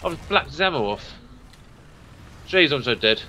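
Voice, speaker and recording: A man's voice: on the high side, expressive, moderate pace, pushed and bright, slight background noise. A man chatting casually with his squadmate during a game, easygoing banter. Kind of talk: casual gaming chat.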